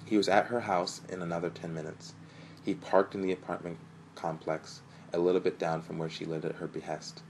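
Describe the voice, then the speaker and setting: A man narrates a story in a steady, measured reading. His voice is very deep with a gravelly edge. A faint hiss runs behind him. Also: low-quality recording.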